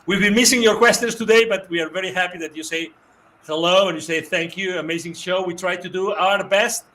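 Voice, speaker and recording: Male host, effusive and repetitive, fairly high pitch. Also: a little fast, sharp tone. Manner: effusive, repeats himself, restarts often. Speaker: show host. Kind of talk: live show sign-off, reading viewer messages.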